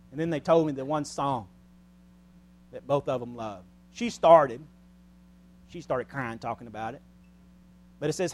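A man preaching a sermon in a church, speaking earnestly, rising loud and then dropping soft and quiet. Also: on the high side, normal speed, long pauses.

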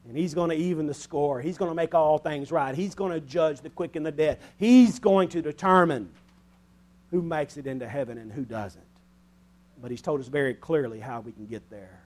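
A man preaching a sermon, rising to loud, emphatic peaks and dropping to quiet, conversational asides, slowing to stress key phrases. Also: on the high side.

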